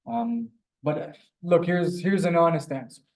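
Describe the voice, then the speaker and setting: A man teaches a beginner language lesson in front of a board, speaking over a video call. His voice sits a little high and he takes his time, stretching each word and exaggerating its sounds so students can copy them. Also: animated. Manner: drawn-out, exaggerated pronunciation of words. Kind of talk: live online beginner lesson.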